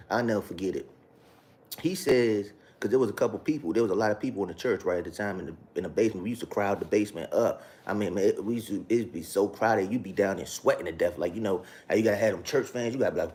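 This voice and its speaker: A man sharing his personal testimony in a casual, halting way, circling back and repeating himself, with street slang. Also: low voice, a little mellow.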